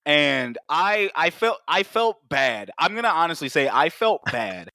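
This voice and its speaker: A male podcast co-host in loose, casual chat, swearing constantly and slipping into other people's voices as he tells a story. His voice sits high and bright, with pitch that swings widely. The sound is close and dry, with no room echo. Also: measured pace. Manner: profane, animated storytelling with acted-out quotes.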